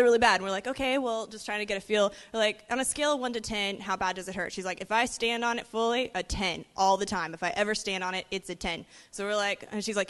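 Animated young-sounding woman telling a story in a hall. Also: on the high side. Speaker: ministry team member. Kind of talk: lively testimony storytelling. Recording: reverberant hall.

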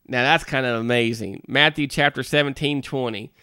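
A man's voice: medium pitch, steady tone, moderate pace, pushed and bright, smooth, no room sound, clean studio sound. A man who is a minister, giving a folksy devotional talk to parents in a conversational way, with frequent asides and restarts.

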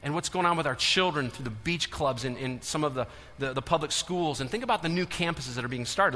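Pastor, male, fiery sermon delivery, slightly high voice, large church auditorium. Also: a little fast, few pauses. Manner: passionate, swings from loud urging to hushed intensity. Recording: long hall reverb.

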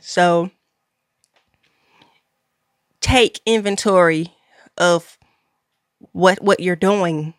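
A woman's voice: lowish voice, extremely slow, long pauses, no room sound. Earnest woman exhorting listeners, dry close sound. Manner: earnest, repetitive, preacher-like emphasis. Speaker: podcast host. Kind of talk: faith-based exhortation.

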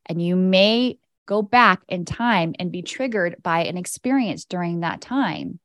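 Recorded with studio quality and no echo, a woman leads listeners through inner-child work on her spiritual coaching podcast. Her fairly low voice moves at normal speed with lively intonation, and as an energy coach she keeps it soothing, direct and casual.

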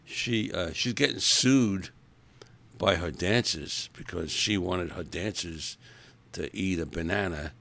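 A man's voice: low-pitched, slow pace, creaky, fairly bright tone. A man hosting a podcast, talking in a casual, rambling monologue, opinionated and grumbling. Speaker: podcast host.

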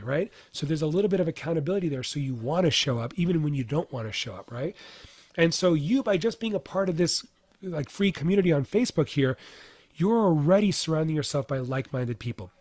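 A man's voice: on the high side, a little mellow, no echo. A man in his thirties, a fitness coach for dads, giving a casual motivational talk, talking in a chatty way full of "like" and "right?".

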